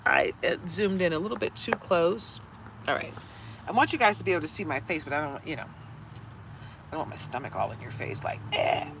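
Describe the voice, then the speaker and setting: A woman from Detroit chats with her live audience in a bright, sharp tone that jumps all over her range. She is animated and laughs often, greeting viewers one by one. Faint background noise sits behind her home phone recording. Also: on the low side, brisk, creaky. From Detroit, USA. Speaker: live-stream host giving a reading. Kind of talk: casual live-stream chat.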